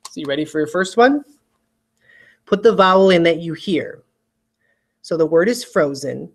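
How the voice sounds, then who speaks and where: A spelling teacher giving a recorded lesson for children, patiently repeating each example word with slow, exaggerated enunciation and checking in often. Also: mid-range voice, animated.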